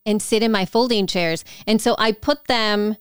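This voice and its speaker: A woman's voice: mid-range voice, moderate pace, smooth, no echo, clean studio sound. A woman co-hosting a podcast in casual chat, earnest and rambling, often correcting herself mid-sentence. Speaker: podcast co-host.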